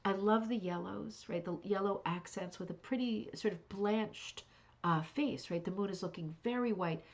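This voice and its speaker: A woman's voice: medium pitch, moderate pace. A middle-aged woman hosting a craft club livestream, chatting casually and gushing with praise, with many fillers and restarts. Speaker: host of a rug hooking club livestream.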